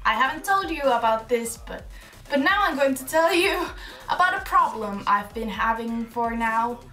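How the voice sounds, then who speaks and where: High-voiced chatty woman. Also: expressive, normal speed, pushed and bright, faint music behind. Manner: chatty, giggly, swears casually. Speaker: vlogger. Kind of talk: casual chat. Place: home, indoors by a balcony door. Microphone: camera mic.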